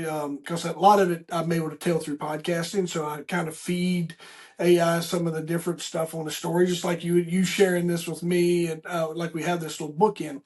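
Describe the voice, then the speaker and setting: A man's voice: fairly high pitch, flat delivery, brisk, darkish tone. A middle-aged man hosting a podcast interview, talking in a folksy, rambling way full of restarts. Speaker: podcast host. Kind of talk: casual interview chat.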